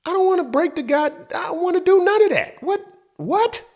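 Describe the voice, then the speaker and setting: A man voicing his younger self as a scared eighth-grade boy, high and protesting. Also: expressive, fairly quick, a little mellow. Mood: panicked.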